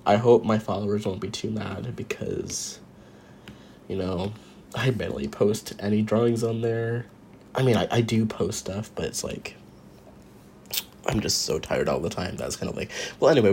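Rambling man, lowish voice. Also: darkish tone, a little hiss or hum. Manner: rambling, self-interrupting, wry and sarcastic. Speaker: podcast host. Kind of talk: casual rambling monologue. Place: at home while drawing.

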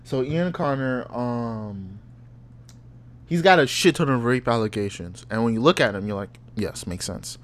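Young male podcast host, casual storyteller, animated and laugh-prone. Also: medium pitch, moderate pace. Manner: animated, acts out voices in anecdotes, laughs often.

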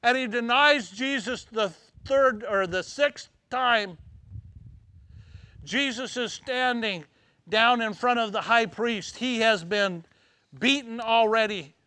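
Dramatic high-voiced male preacher. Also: smooth, dry recording. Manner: dramatic, swings from loud exclamations to hushed near-whispers. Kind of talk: sermon.

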